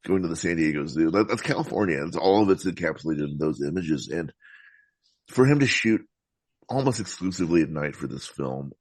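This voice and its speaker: A man talking about films as a podcast guest, in a thoughtful, meandering way with frequent halting restarts. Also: low voice, animated, breathy edge, no echo. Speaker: podcast guest, film critic. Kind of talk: casual film discussion.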